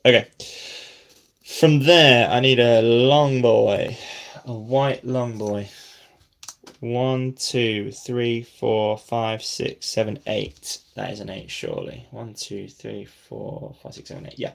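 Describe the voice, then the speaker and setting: Slow, gravelly man building on camera. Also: medium pitch, steady tone. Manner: self-deprecating, talks to himself while building; drops to a near whisper while concentrating. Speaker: brick-building vlogger. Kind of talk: casual build commentary.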